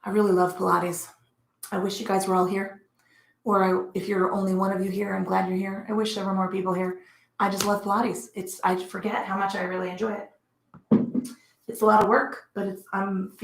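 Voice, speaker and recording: A woman's voice: medium pitch, level tone, fairly quick, creaky. A woman leading a casual Pilates class, talking through each move, cueing breaths and counting reps while exercising along. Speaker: Pilates instructor. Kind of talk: casual guided workout instruction. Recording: echoey room.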